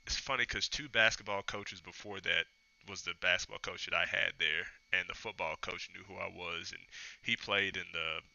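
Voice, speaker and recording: A man's voice: deep voice, fairly even intonation, normal speed, vocal fry, bright, forceful tone. A man, a podcast guest chatting casually and telling reflective stories, acting out what people said. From Tennessee, US. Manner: reflective, storytelling, acts out quoted dialogue. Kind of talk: casual interview chat. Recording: dull lo-fi sound.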